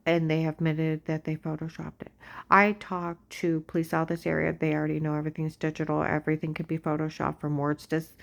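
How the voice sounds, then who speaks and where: A woman giving an agitated personal monologue, ranting and swinging between loud outbursts and hushed whispers. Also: low-pitched, creaky.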